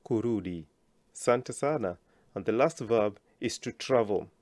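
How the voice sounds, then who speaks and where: A man teaching a language lesson, slowly enunciating words for learners to repeat and praising them often. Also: on the low side, darkish tone, no room sound.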